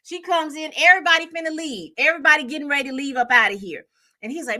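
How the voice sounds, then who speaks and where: A woman chatting casually through a TV episode recap, animated and full of fillers and self-corrections. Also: high voice, fast. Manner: chatty, animated storytelling with acted-out quotes. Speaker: TV recap host.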